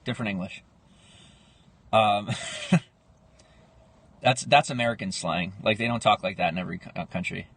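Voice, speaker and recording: A man's voice: fairly low pitch, normal speed, long pauses, fairly bright tone, husky. A man in his twenties chatting casually on a livestream, rambling as he answers viewer comments. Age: 20s. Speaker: livestream host. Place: home livestream, in Pennsylvania.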